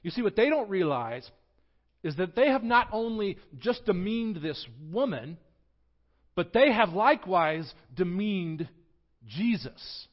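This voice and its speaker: Expressive man preaching a sermon. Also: high voice, measured pace. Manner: expressive preaching, swings from quiet to loud. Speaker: pastor. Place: church sanctuary. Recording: dull lo-fi sound.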